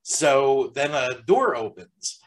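A man chats casually as he reviews a haunted house, in a middle-pitched voice. He rambles along, stacking "like" and "um" between his thoughts, and laughs easily as he tells stories. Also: very animated, slow, poor audio. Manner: rambling, heavy use of "like" fillers.

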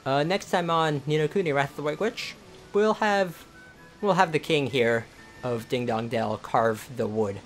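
Relaxed man commenting on gameplay. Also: on the high side, measured pace. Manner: relaxed, rambling, self-correcting. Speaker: let's play host. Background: game music.

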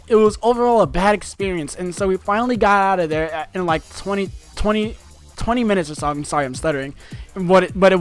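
A young man telling a personal story to his viewers in a rambling, casual way, full of fillers and restarts. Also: high-pitched. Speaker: vlogger.

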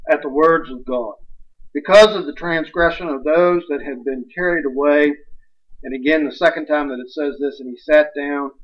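Folksy preacher, distant and muffled. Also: male voice, on the high side. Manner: folksy, emphatic, swings from loud to hushed. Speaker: pastor. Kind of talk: sermon. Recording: dull distant livestream sound.

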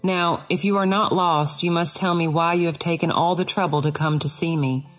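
A woman's voice: fairly low pitch, steady tone, moderate pace, soft background music, lightly acted. A woman doing a sly, honey-sweet male snake. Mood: coaxing. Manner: sweet, coaxing, sing-song. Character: sly, honey-voiced male death adder. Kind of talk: audiobook character voice.

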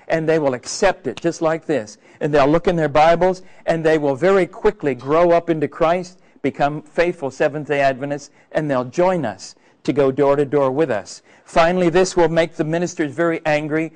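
A man's voice: on the high side, moderate pace, few pauses, a little mellow, poor audio. A male preacher giving a sermon in a conversational, earnest way, with many hesitations and fillers.

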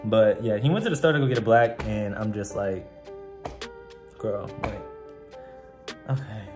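A man vlogging a prank at home, chatting casually in slang with an animated, giggly manner. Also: quick pace, very echoey, far from the mic, music in the background. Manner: animated, slangy, giggly, swings into high voices when quoting. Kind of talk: casual prank vlog chat. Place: home living room.

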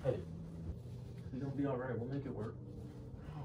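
A young man talks in loose slang and keeps a teasing, unbothered tone. His voice is mid-pitched and comes from some distance away. The room echoes, and clear noise sits underneath. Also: huge pitch swings, normal speed, pauses often. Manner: teasing, slangy, laid-back. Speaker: prankster vlogger. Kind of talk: casual argument. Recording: roomy, distant and noisy.

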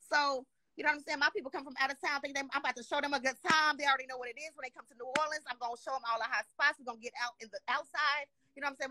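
Woman from Dallas, high bright voice, rapid profane rant, dry close sound. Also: no echo. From Dallas, Texas. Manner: profane, heated, repeats "you know what I'm saying". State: upset. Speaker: guest complaining on a live show. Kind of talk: angry rant.

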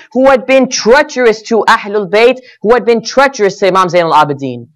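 At a religious gathering, a high-pitched man with a fairly bright tone tells stories earnestly in a sermon. He voices quoted lines with emphasis that rises and falls.

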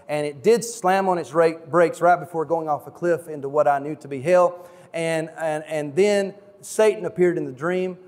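A male pastor preaching a sermon, telling a story in a halting, rambling way with restarts. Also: a little high, long reverb tail. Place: church.

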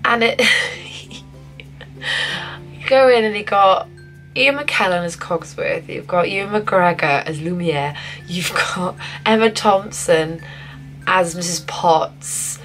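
A young woman vlogging a casual film review, gushing and excitable, often restarting her sentences. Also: lowish voice, slow, soft background music, rough recording. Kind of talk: casual spoiler review to camera.

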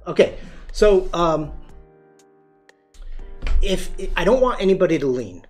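Slow-talking man teaching posing live. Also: high voice, lively intonation, faint music behind. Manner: chatty, demonstrative, reads chat aloud. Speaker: photographer hosting a live stream. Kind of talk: live-streamed posing tutorial.

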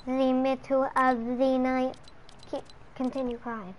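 A child with a high voice plays along while gaming. They speak slowly and sound exasperated, with groans and muttering under their breath. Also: level tone, poor audio. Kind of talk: casual play-acting while gaming.

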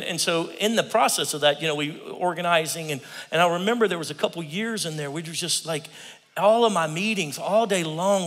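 A man in his fifties preaching a humorous sermon in a church, an animated storyteller who laughs often. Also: a little high. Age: 50s. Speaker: guest preacher. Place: church sanctuary. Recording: long reverb of a large hall.

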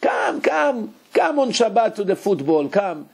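A man's voice: high-pitched, sing-song, unhurried, vocal fry, a little mellow, slightly rough, heavily acted. A man, a rabbi, voicing a pushy male tempter who coaxes a friend insistently. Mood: coaxing. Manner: coaxing, insistent.

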